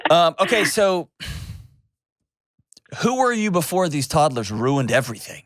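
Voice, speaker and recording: A man's voice: on the high side, sing-song, a little slow, a bit bright, no echo, studio quality. A man hosting a call-in advice show, talking in a direct, reassuring way and cutting in to steer the conversation. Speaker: host.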